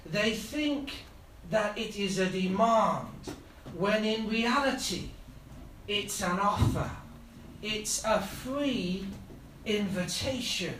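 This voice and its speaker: A man preaching a sermon, speaking slowly and building to fervent repeated appeals, at times chuckling at his own jokes. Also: sits high, fairly bright tone, slight background noise. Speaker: pastor. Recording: echoey hall, heard from a distance.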